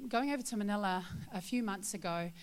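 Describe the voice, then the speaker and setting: A woman's voice: medium pitch, brisk, clear, resonant tone. A woman sharing a testimony with her church congregation, a chatty storyteller full of fillers who turns earnest and confiding.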